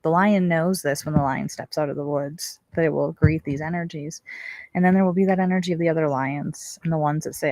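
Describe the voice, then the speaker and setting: A woman's voice: sits low, normal speed, a little mellow, dry recording. Earnest woman hosting spiritual radio. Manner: earnest, encouraging, asks many rhetorical questions. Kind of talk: inspirational spiritual talk.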